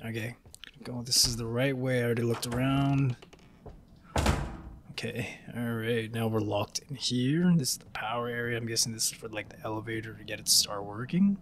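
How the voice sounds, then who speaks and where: A man giving casual commentary on a horror game playthrough. He curses a lot and jokes, and at times he taunts the game's monster in a loud, high voice. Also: normal speed, background noise. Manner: profane, taunting, joking. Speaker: gaming YouTuber. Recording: game music behind the voice.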